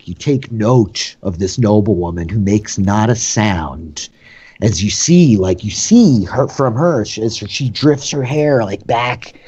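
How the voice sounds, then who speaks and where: A man narrates a tabletop game as game master, rambling casually with lots of "like." His voice is fairly low and husky. The recording sounds dull and lo-fi. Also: dark tone.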